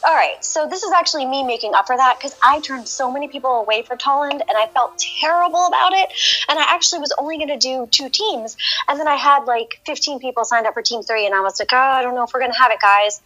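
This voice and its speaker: Woman, casual stream chat, giggly, animated storyteller, high-ish bright voice. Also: fast talker, soft background music, poor audio. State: sleepy. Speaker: co-host of a game live stream.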